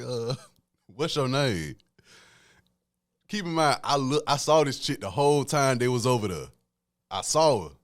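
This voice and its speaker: A man's voice: mid-range voice, no echo, studio quality. A young man hosting a podcast, telling a story in casual, slangy talk and laughing often. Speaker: podcast host.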